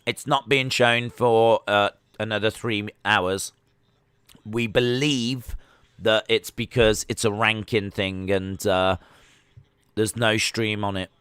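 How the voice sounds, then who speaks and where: Bright, excitable man on a livestream. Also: on the low side, slow pace, clean tone, no echo. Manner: chatty, excitable, with frequent fillers. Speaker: livestream host. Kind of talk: live sports watch-along commentary.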